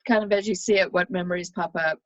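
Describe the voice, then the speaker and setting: A woman's voice: fairly low pitch, fairly even intonation, quick pace, dry recording, highs cut off. A middle-aged American woman in a casual, nostalgic chat while touring old places on a map. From United States. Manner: chatty, nostalgic, talks over a map tour. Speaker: vlogger.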